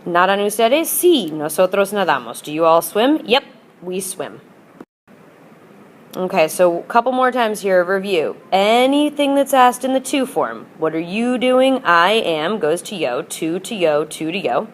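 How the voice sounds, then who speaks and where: A woman's voice: mid-range voice, lively intonation, unhurried, a little hiss or hum. A woman teacher explaining grammar in a patient, upbeat lesson and modelling example phrases for students. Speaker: Spanish teacher. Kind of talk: recorded classroom lesson.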